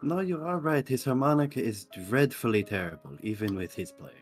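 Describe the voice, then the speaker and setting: A man playing a tabletop game, cracking dark jokes and putting on mock politeness. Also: medium pitch, very animated, fairly quick, soft background music. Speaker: player. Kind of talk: tabletop game role-play.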